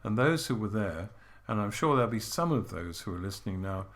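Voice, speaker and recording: An older man co-hosting a podcast, reminiscing in a relaxed, halting way with gentle humour. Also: lowish voice. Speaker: podcast co-host. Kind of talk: reflective casual chat.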